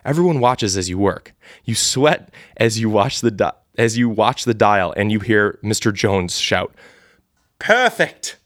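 Low-voiced guy reading an ai story live, cracking up, dry sound. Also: normal speed, no echo. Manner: casual and laughing, with restarts. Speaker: storyteller and host. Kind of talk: live unrehearsed reading of an AI text adventure.

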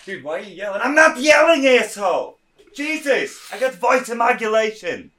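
A man putting on a loud, brash, musclebound voice that insists it is normal. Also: sits high, sing-song, measured pace, slight background noise, pitched above the performer's own voice, exaggerated voice. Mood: loud defensive. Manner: shouting, brash.

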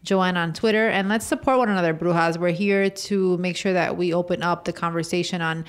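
A woman's voice: lowish voice, steady tone, fairly quick, clean tone. A woman co-hosting a casual podcast chat, talking in an upbeat, encouraging way. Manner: upbeat, encouraging, talks in a rallying way. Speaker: co-host.

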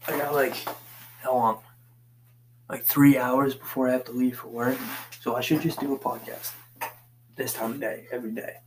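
Walking around his basement, a man from the Boston area talks to himself on a laid-back solo podcast, wandering between thoughts and swearing in nearly every sentence. He speaks at an ordinary mid-range pitch in a steady tone at normal speed, with long pauses and background noise.

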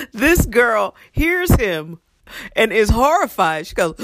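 A woman telling stories from her past in a blunt, animated, profane way, acting out what people said. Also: fairly high pitch, takes it slowly, dry recording, clean studio sound. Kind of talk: casual storytelling monologue.

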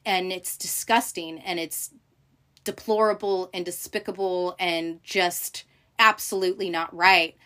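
A woman hosting a casual recap, talking in an animated, profane way with many fillers and acted-out quotes. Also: on the low side, unhurried. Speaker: podcast host recapping a TV show. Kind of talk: casual chat.

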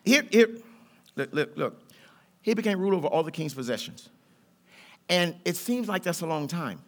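High, bright-voiced preaching man. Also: animated, moderate pace. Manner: preaching with rising fervor, colloquial and rhythmic. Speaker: pastor. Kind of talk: sermon. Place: church sanctuary.

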